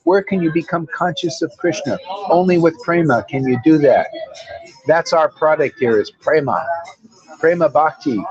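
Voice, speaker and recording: A man's voice: fairly high pitch, normal speed, lo-fi sound. A man giving an informal devotional talk as a spiritual teacher, blunt, preachy and full of slang.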